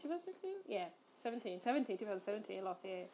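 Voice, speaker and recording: A woman's voice: mid-range voice, very fast, slight background noise. A young woman telling a funny personal story in casual chat, laughing and acting out what she and others said. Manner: animated, laughing storyteller who acts out her own quotes.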